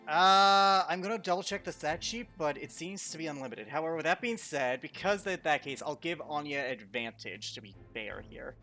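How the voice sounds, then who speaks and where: Bright-voiced male game master. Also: on the high side, lively intonation, faint music behind. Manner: slows right down for dramatic narration. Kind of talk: narrating a tabletop game.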